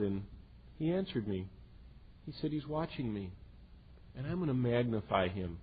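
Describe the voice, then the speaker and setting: Man, pastor, sermon, husky voice, earnest, loud then hushed, tinny phone-like sound. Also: a little high. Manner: earnest, swinging between loud emphasis and hushed quiet.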